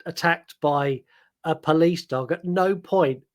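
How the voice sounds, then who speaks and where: Chatty man with a higher voice. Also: slow. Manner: chatty, rambling, lots of "like" and "um". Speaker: podcast co-host. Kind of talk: casual chat recapping a film.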